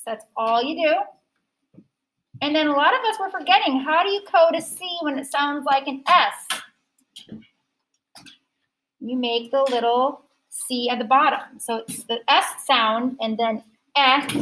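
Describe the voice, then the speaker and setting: A high-voiced woman teaching phonics to a classroom. She speaks at a slow, deliberate pace and draws out each word part as she sounds it out for the students. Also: a bit bright, slight background noise, poor audio.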